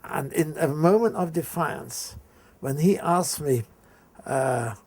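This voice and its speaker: An older man from England recounting a school memory in an interview, telling it haltingly with frequent restarts. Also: on the high side, a little mellow. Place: indoor room.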